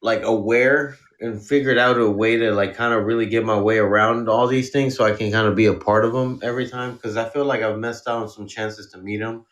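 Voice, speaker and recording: A man's voice: lowish voice, fairly even intonation, a little fast, hardly any pauses, fairly bright tone. A man who is a guest rapper, chatting casually in a laid-back, slangy way and swearing freely. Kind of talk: casual interview chat.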